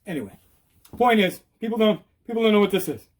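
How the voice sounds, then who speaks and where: A man giving an animated, repetitive how-to talk while riding outdoors, out of breath. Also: sits high, quick pace. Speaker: e-bike vlogger. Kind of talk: casual instructional talk.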